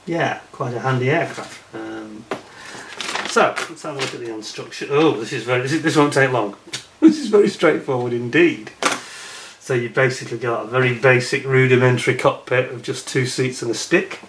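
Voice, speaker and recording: Speaking a little fast at an ordinary middle pitch, a man reviews a model kit in relaxed unboxing commentary, chatty and prone to muttered asides to himself. The room is echoey, and a faint noise runs underneath.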